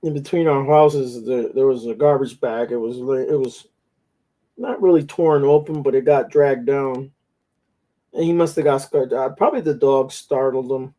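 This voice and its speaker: A man's voice: medium pitch, moderate pace, warm tone, poor audio. A man hosting a casual talk show, telling long rambling stories with plenty of swearing. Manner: rambling, profane storytelling. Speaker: podcast host. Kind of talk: casual chat.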